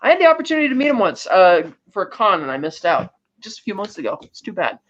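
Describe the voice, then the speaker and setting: Male podcast host, high voice, animated casual recap, slightly muffled lo-fi sound. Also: fast talker. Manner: animated storytelling, acting out lines of dialogue. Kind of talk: casual chat recapping a film.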